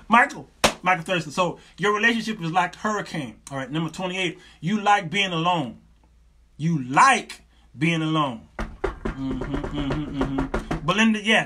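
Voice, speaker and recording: A man, hosting a live talk show in a loose, animated way and acting out both sides of his stories. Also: high voice, background noise. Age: 50s. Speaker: show host.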